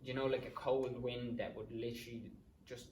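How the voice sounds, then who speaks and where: A man's voice: mid-range voice, little pitch movement, normal speed, noisy background. Young Irish man, casual rambling storyteller, swears freely, echoey room, distant mic. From Ireland. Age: 20s. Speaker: podcast guest. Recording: roomy sound, distant mic.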